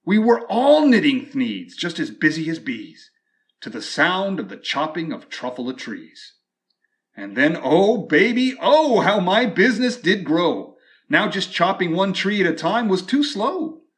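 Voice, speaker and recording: Slow, expressive male storyteller. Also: high-pitched. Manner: expressive, rhyming, drawn-out delivery. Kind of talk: storybook read-aloud.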